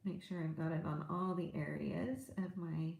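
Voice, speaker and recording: A middle-aged woman talks viewers through a live craft demonstration, chatty and easygoing, pausing now and then to find her words. Her voice sits a little low for a woman, and the room around her rings with echo. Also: steady tone, creaky, a little mellow. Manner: chatty, explains while working, small hesitations.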